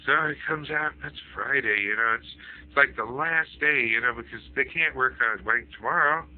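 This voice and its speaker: A man's voice: medium pitch, normal speed. A man telling a long rambling joke, filling his talk with "you know". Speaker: storyteller. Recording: phone-like lo-fi audio.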